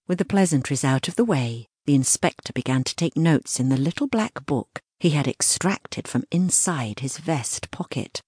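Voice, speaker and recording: A woman narrates a children's audiobook in a measured, storytelling way. Her voice is low and slightly husky. The recording is close and dry. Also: lively intonation, darkish tone, no echo.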